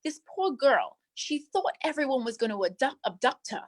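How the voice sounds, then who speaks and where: A woman's voice: sits high, big pitch swings, moderate pace. A woman playing a gossipy celebrity manicurist. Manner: rambling, breezy gossip, calls everyone darling and doll. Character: gossipy female celebrity manicurist, flamboyant Hollywood diva. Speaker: guest. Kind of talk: improvised comedy character interview.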